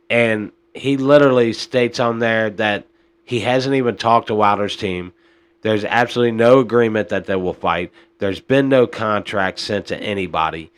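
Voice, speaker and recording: A podcast host with a low, slightly bright voice gives casual boxing commentary, rambling and sounding frustrated while frequently tossing in "man" and "uh."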